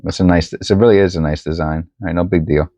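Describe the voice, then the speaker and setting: A coin-collecting vlogger talks quickly in a low, dark voice with fairly even intonation, chatting loosely while sorting coins at home. He thinks aloud and restarts a lot. His new desk microphone yields lo-fi audio with no room sound.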